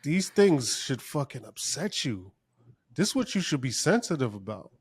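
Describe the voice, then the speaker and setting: A man's voice: a little high, sing-song, normal speed, breathy edge. A man co-hosting a podcast, talking casually and ranting profanely, his voice climbing when he gets worked up. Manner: profane, heated rant. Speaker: podcast co-host.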